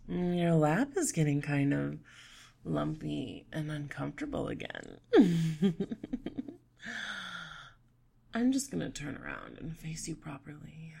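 A young woman in a whispered role-play who speaks in a teasing, playful and bossy way, slipping between hushed whispers and soft murmurs. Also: low voice, expressive, slow, vocal fry, pauses often, breathy edge. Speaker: audio role-play performer.

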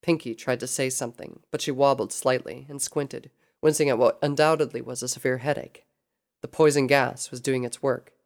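A narrator reading a fan fiction story aloud in steady, even storytelling. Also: mid-range voice, normal speed.

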